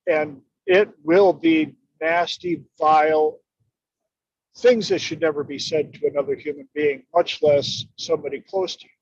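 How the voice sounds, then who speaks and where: A man telling stories and coaching in an emphatic, expressive way during a conversation. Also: fairly high pitch, unhurried, dry recording. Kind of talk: storytelling in conversation. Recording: dull lo-fi dry audio.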